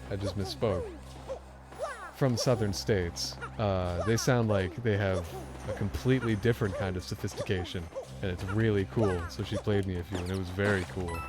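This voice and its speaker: A man with a lower voice chats over a video game, rambling and teasing his co-player. Game music plays clearly behind him. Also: fairly even intonation, moderate pace. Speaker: let's play co-host. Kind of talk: casual chat over gameplay.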